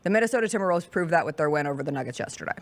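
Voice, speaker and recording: A woman hosting a sports talk show, recapping games in a casual, emphatic way with dramatic pauses. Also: deep voice, expressive.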